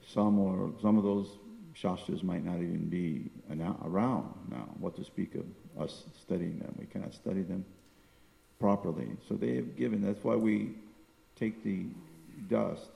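A man's voice: sits low, normal speed, vocal fry, dark tone, big-room sound, poor audio. An older man giving a sermon on scripture, wandering through his points and reciting verses. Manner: discursive, searching for words, reciting Sanskrit verses. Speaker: spiritual teacher.

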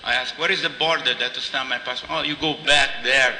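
Preacher guy, super bright tense voice, storytelling and laughing a lot. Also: medium pitch, fairly quick. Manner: animated storyteller, acts out dialogue, laughs often. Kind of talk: informal spiritual talk with anecdotes. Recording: roomy hall echo, faint noise.

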